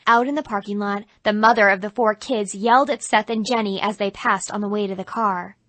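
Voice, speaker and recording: A woman narrating an audiobook in an even, clear storytelling voice. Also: mid-range voice, fairly quick, no room sound.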